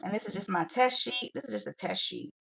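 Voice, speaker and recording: A woman's voice: mid-range voice, a little fast, creaky, fairly bright tone, husky, rough recording. A woman with a Southern US accent, chatting casually with viewers while she colors on her livestream and talking herself through her work. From Georgia, US.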